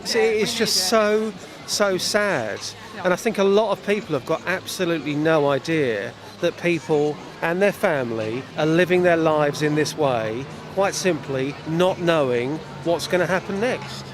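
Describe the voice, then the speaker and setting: Male radio host interviewing outdoors, sympathetic, voice a bit high. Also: expressive, moderate pace, hardly any pauses, background noise. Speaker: radio presenter. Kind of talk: radio interview and reading placards. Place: outdoors at a street protest.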